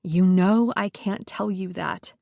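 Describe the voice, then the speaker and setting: A woman narrator voicing an anxious social worker friend who talks softly and placatingly, recorded dry and close. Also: fairly low pitch, fairly even intonation, takes it slowly, gravelly, dry recording. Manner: soft, hedging and placating.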